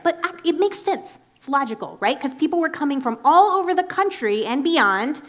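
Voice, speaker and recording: A woman with a fairly high voice gives a relaxed, conversational sermon. She talks in an animated, chatty way and sprinkles "like" all through her sentences. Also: a little fast, hardly any pauses. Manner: chatty and animated, heavy use of "like". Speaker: preacher. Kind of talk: casual sermon.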